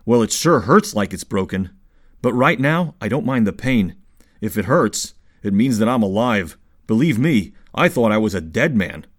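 A hardy army officer in an audiobook, hoarse and worn from the cold, as a man reads him. His voice moves with lively pitch even in fatigue. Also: moderate pace. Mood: weary.

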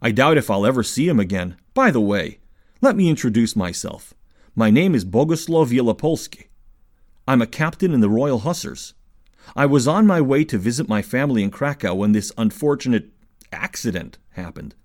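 A hardy army officer in an audiobook, hoarse and worn from the cold, as a man reads him. His voice moves with lively pitch even in fatigue. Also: moderate pace, close to an everyday voice. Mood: weary.

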